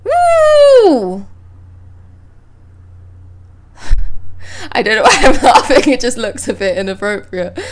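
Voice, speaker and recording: A young woman streaming live, reading manga dialogue aloud and breaking off to react with excited exclamations and swearing. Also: medium pitch, normal speed, noisy background.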